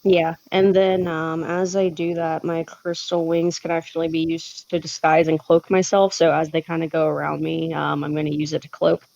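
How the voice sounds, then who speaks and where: A woman player casually describing her character's actions, unhurried with fillers. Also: deep voice, flat delivery, creaky, darkish tone, no room sound, highs cut off.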